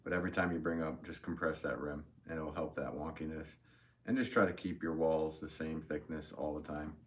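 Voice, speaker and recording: A man's voice: very deep voice, steady tone, a little fast. A middle-aged man hosting a live pottery stream, rambling in a friendly way and reading viewers' comments aloud as he shows his pots. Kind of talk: casual live-stream chat and demonstration.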